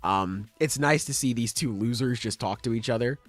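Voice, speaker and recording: A man's voice: medium pitch, normal speed, dry recording, soft background music. A man co-hosting a podcast, chatting loosely and swearing as he recaps manga chapters, slipping into offhand paraphrases of the characters. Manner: laid-back, profane, acts out characters in offhand paraphrase. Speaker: podcast co-host.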